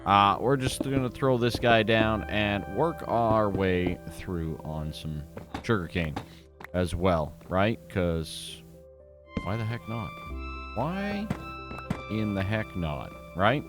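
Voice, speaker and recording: A man's voice: on the low side, slow, music in the background. A man hosting a gaming video, giving casual gameplay commentary in a chatty, self-mocking way and talking straight to his viewers.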